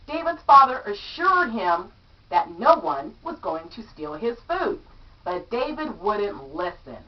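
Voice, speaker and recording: A woman reading a children's story aloud to young listeners, animated and acting out the characters' lines. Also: medium pitch, takes it slowly. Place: home room among her statues. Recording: distant, dull lo-fi mic.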